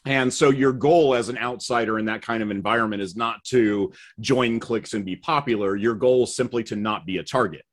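A middle-aged man telling stories in a relaxed podcast conversation, with a wry, self-deprecating manner. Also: fairly low pitch, fairly quick, hardly any pauses. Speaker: podcast guest. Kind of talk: casual conversational storytelling.

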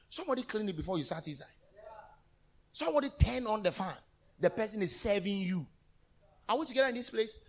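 A man preaching a lively call-and-response sermon in a church. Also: sits high, slightly rough. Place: church hall.

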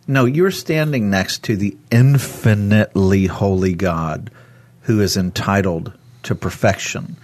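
A man's voice: on the low side, moderate pace, a little mellow. A man talking about faith in a casual conversation, passionate, acting out God's voice in quoted speech.

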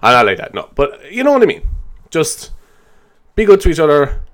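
A man's voice: fairly high pitch, huge pitch swings, fairly quick. A young Irish man hosting a solo comedy podcast, rambling, swearing and poking fun at himself. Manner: rambling, swearing, self-mocking. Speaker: podcast host.

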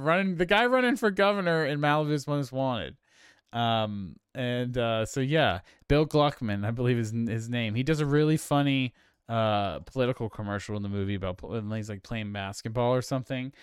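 The voice of this film podcast host is medium-pitched, clear and resonant, recorded dry at studio quality. He's casual and rambling, full of fillers and restarts, and quick to laugh.

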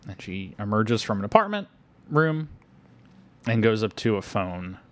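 A man's voice: fairly low pitch, very animated, measured pace, a bit bright. A young man chatting casually as a podcast co-host about a movie, rambling with many fillers and laughing often. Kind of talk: casual movie-review chat.

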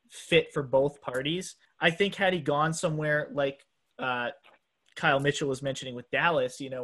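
A man's voice: medium pitch, fairly bright tone. A man co-hosting a sports podcast, talking earnestly in casual chat with frequent restarts. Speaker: podcast co-host.

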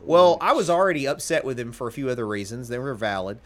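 A man in his forties hosts a casual podcast chat. He tells stories in an animated way and pokes fun at himself. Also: mid-range voice, fast. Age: 40s. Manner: animated storytelling, self-deprecating. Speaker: podcast host, lawyer.

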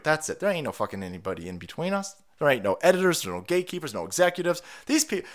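A man's voice: sits high, a bit bright. A man hosting a livestream, delivering heated, profane political commentary and repeating himself for emphasis. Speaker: livestream host.

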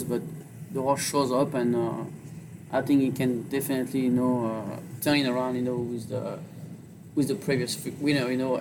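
French-accented jockey guy, stops and starts a lot, loud background noise. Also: medium pitch, gravelly. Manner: halting, filler-heavy speech with many "you know"s. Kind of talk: interview on horse racing.

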